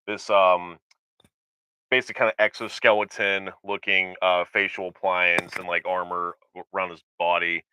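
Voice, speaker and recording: A man's voice: low-pitched, flat delivery, moderate pace, background noise. A man co-hosting a casual chat show, rambling and hesitant with lots of fillers and restarts. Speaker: podcast co-host.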